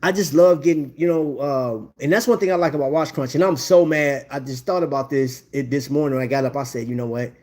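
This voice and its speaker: A man talks loosely in his middle pitch as he hosts a live stream. He rambles in a friendly way and keeps dropping "bro" and "man" between his thoughts. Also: a little fast, hardly any pauses, dark tone. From Indiana. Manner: laid-back, chatty, says "bro" and "man" a lot. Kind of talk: casual live-stream chat.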